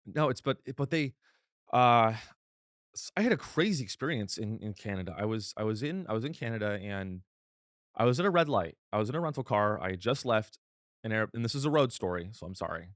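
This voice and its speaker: A man hosting a comedy podcast, delivering a deadpan, rambling satirical monologue full of restarts. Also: fairly low pitch, a little fast, no echo, clean studio sound. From United States.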